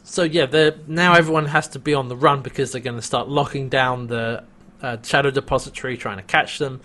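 Animated man recapping a show. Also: medium pitch, brisk. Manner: animated, acts out quotes, laughs often. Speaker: podcast co-host. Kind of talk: casual chat recapping a TV episode.

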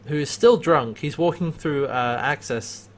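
A man's voice: fairly high pitch, a little slow. A man co-hosting a casual podcast, animatedly retelling a TV episode, acting out quotes and laughing often. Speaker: podcast co-host recapping a TV episode. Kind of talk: casual chat.

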